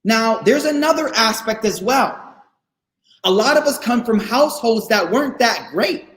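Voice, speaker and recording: Male guest speaker, high-pitched, casual and animated with students, repeats lines for emphasis; echoey room sound. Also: normal speed. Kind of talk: casual faith talk to students. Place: online session, room not known. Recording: roomy echo.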